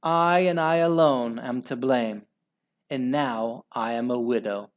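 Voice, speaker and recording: A man's voice: medium pitch, slow, lightly acted. A man reading a children's story aloud, voicing an anxious, dramatic mother mouse in a raised, fluttery voice. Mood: woeful. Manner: raised, fluttery voice, loud cries.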